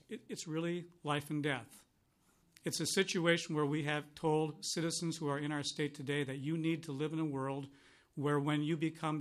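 A man's voice: fairly high pitch, fairly bright tone. Earnest man giving formal testimony. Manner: earnest, emphatic, repeats words for stress. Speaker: county commissioner testifying. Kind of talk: formal testimony to a legislative committee. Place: legislative hearing room.

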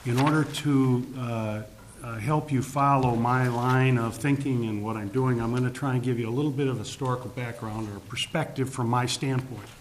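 This is formal testimony to a legislative committee from a man with a medium pitch and steady tone. His delivery is deliberate and emphatic, with stressed key words and frequent "uh" fillers, over slight background noise.

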